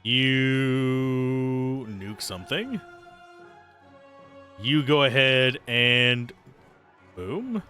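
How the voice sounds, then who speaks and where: A man's voice: medium pitch, lively intonation, very slow, pauses often, pushed and bright, soft background music. A man streaming a role-playing game, chatting casually, reading the on-screen text aloud and calling out moves for his party. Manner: chatty, giving tactical calls to his party. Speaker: let's play streamer.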